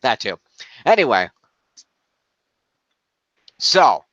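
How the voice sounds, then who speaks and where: A man co-hosting a casual podcast scores a fantasy league, rambling, counting points aloud, and trailing off while he looks things up. His mid-range voice is sing-song and fairly bright, and he speaks very slowly. The audio is lo-fi, with no room sound.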